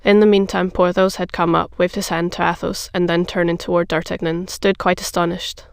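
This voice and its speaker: An audiobook narrator reads a classic novel in a steady, even voice. The tone is smooth with a gravelly edge. The recording sounds dry and close. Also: medium pitch, fairly quick, no echo. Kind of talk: scripted narration.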